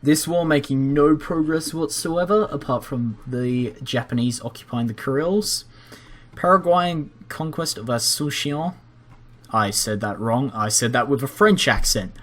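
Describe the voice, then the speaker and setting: A young man commentating a strategy game timeline in a measured, dry and lightly wry way. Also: mid-range voice.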